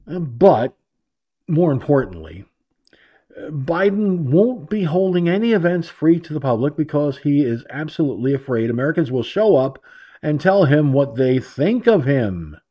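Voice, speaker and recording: A man's voice: fairly high pitch, big pitch swings, measured pace, breathy edge, highs cut off. A man hosting an internet radio show, delivering a sarcastic, rambling political monologue and repeating himself.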